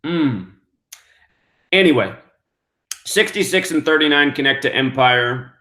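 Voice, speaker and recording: A man's voice: fairly high pitch, lively intonation, unhurried, bright, forceful tone. Emphatic man, echoey room. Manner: emphatic, counting out numbers, rhetorical questions. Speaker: online show host. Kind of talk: monologue commentary. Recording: roomy echo.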